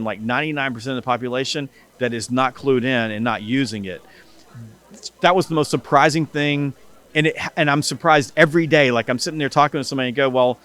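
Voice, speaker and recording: A middle-aged man, a podcast guest, telling animated stories in casual interview talk and acting out bits of dialogue, with frequent restarts. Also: medium pitch, smooth. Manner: animated storyteller who acts out dialogue, with many restarts. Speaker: guest, sales company CEO and author.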